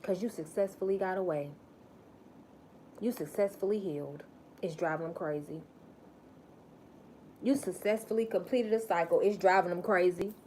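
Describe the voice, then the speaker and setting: A woman's voice: medium pitch, a little mellow, slight background noise. A woman giving a live-stream spiritual message, emphatic and preachy, repeating phrases for stress.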